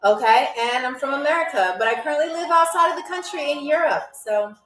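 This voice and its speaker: High-voiced woman hosting a live stream. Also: expressive, brisk, a bit bright. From New York. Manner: chatty, playful, talks straight to viewers. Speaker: live game show host. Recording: echoey room, distant mic, faint music.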